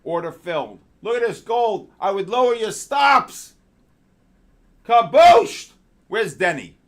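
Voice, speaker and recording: A male trading show host giving excitable live market commentary, exclaiming and calling out viewers by name. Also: high-pitched, normal speed.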